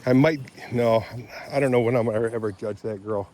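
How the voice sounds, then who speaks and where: An older man from Michigan rambling in a casual vlog while walking around his property outdoors, often clearing his throat and drifting into asides. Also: medium pitch, fairly quick, darkish tone, a little hiss or hum. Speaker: vlogger.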